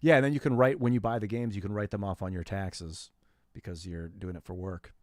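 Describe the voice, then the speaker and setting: A man's voice: fairly low pitch, fairly even intonation, fairly quick, no echo. A man in his thirties chatting casually on a gaming livestream, rambling and slangy as he talks to viewers. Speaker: gaming streamer.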